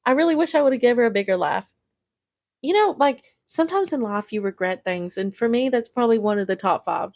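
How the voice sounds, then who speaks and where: A woman's voice: fairly high pitch, lively intonation, fairly quick, darkish tone, dry recording. Chatty young woman telling stories. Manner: chatty, rambling, lots of "like" and "literally". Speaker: podcast host. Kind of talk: casual storytelling monologue.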